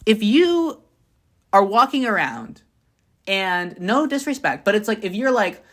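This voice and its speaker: A young adult woman giving a blunt, profane motivational monologue to camera. She often repeats lines for emphasis and swings between high bursts and low murmurs. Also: big pitch swings, normal speed. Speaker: vlogger.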